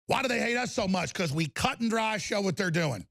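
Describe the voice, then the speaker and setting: A middle-aged man hosting a live talk radio show, ranting angrily and repeating himself, mixed with product pitches. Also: expressive, brisk, creaky, a bit bright, no echo. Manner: angry, aggressive, repetitive ranting.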